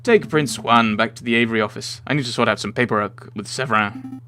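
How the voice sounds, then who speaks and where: A man's voice: mid-range voice, quick pace, sharp tone, soft background music, lightly acted. A man voicing a dry, matter-of-fact male falcon defense lawyer in a visual novel. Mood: stern.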